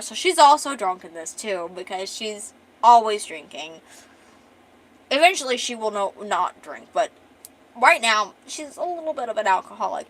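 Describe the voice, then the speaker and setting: A woman's voice: mid-range voice, sing-song, normal speed, rough recording. A young adult woman streamer retelling her own story in a casual, rambling way, with restarts and casual swearing.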